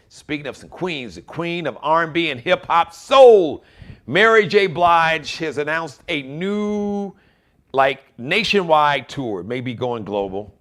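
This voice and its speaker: A man hosting his own live online talk show, chatting casually and joking with viewers. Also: medium pitch. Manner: animated, joking, addressing viewers directly. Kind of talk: casual live-stream chat.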